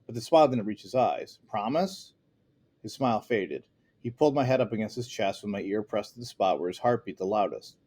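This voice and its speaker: A man narrating a first-person novel aloud with steady, earnest delivery. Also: lowish voice, quick pace, husky. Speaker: audiobook narrator. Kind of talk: first-person audiobook reading.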